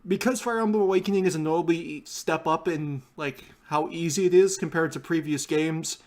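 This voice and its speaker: A man's voice: a little high, fairly quick, darkish tone. Casual, rambling man co-host. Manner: casual and rambling, uses "like" a lot. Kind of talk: casual chat.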